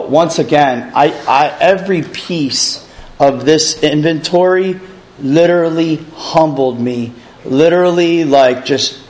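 A man's voice: mid-range voice, darkish tone, rough recording. Rambling man sharing a recovery testimony. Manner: rambling, heavy use of filler phrases. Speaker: recovery program member sharing his story. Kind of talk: personal testimony.

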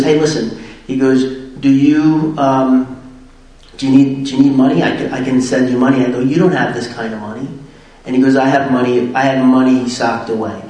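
A man's voice: medium pitch, a little mellow. A middle-aged man telling a candid personal recovery story, self-mocking and laughing at himself. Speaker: speaker sharing recovery story. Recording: very echoey room, distant mic.

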